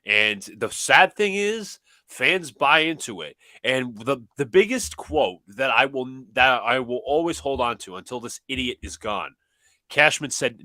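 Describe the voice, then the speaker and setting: A man co-hosting a sports call-in, ranting in frustration. His voice is bright and tense at an ordinary pitch. The sound is dry and close. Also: expressive, a little slow, no room sound. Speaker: co-host. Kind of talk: casual sports call-in chat.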